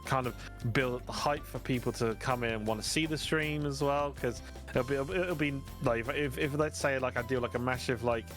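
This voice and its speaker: Relaxed British man, playful guest. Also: mid-range voice, fairly quick, faint music behind. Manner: relaxed, playful, rambling with restarts. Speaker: guest VTuber. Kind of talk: casual interview chat.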